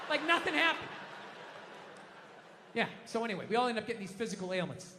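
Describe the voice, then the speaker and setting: A man doing a stand-up comedy set, ranting loudly with heavy swearing and shouted impressions. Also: extremely high pitch, expressive, fast, long pauses, in a large hall, a little hiss or hum. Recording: live club with audience laughter. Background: crowd laughing.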